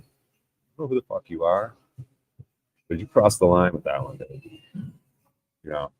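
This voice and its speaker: Deep-voiced man ranting on a livestream. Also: wildly swooping pitch, moderate pace, pauses often, dark tone. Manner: argumentative, insistent, swears a lot. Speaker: livestream host reading chat. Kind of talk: casual profane livestream rant.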